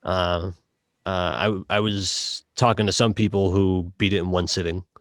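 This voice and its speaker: A man with a Boston accent talks casually on a podcast, low in pitch and full of stops and restarts. The sound is dry, with almost no room around it. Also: steady tone, no room sound. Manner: halting, many fillers and restarts. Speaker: podcast co-host reviewing a game. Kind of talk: casual chat.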